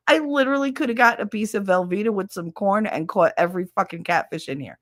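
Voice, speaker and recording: A woman's voice: mid-range voice, fast talker, few pauses, fairly bright tone, no echo, studio quality. A middle-aged woman hosting a stream, telling a funny story in a casual, profane way and mimicking other people with squeals. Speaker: stream host.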